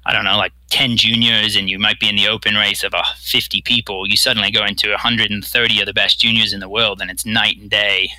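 A man's voice: fairly low pitch, little pitch movement, fast, few pauses, pushed and bright, rough recording. A man from Bermuda with a slight American accent, a pro triathlete telling stories in a casual interview, repeating words as he goes. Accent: American-tinged. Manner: rambling, repeats words, acts out quotes. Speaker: guest, professional triathlete.

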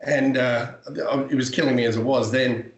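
A man's voice: medium pitch, steady tone, moderate pace, lo-fi sound. Blunt man in an echoey room. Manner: blunt, swears, dramatizes pain. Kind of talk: casual storytelling chat. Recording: roomy echo.

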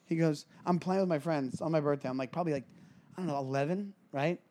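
A man's voice: on the high side, quick pace, slight background noise. A man in his forties co-hosting a casual podcast, telling stories animatedly and laughing often. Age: 40s. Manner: animated storyteller, laughs often, acts out voices. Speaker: podcast co-host. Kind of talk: casual chat.

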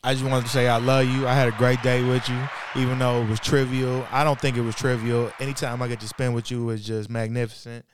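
A man's voice: medium pitch, little pitch movement, fast, few pauses, background noise. A man co-hosting a casual podcast, talking in a laid-back, slangy and heartfelt way. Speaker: podcast co-host. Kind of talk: casual chat.

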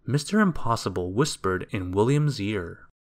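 A man reading a children's storybook aloud in a gentle, expressive, unhurried way. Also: fairly low pitch.

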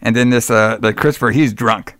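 A man's voice: medium pitch, fairly even intonation, brisk, a bit bright, no room sound, studio quality. A man casually recapping a movie on a podcast, rambling, swearing often, laughing and acting out the characters. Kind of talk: casual profane chat.

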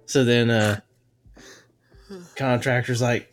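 A man hosting a casual chat, telling a story with many fillers and halting restarts. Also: medium pitch, steady tone. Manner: halting, full of fillers, laughs easily.

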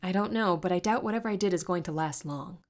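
A woman's voice: on the low side, natural voice. A woman voicing an uneasy, unsure teenage girl in a storybook reading. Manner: uneasy, hurried. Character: unsure teen girl with sudden power.

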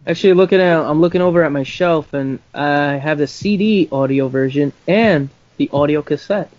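A man's voice: fairly high pitch, normal speed, darkish tone. A man co-hosting a podcast in casual chat, easygoing and a little hesitant. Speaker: podcast co-host. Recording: slightly dull audio.

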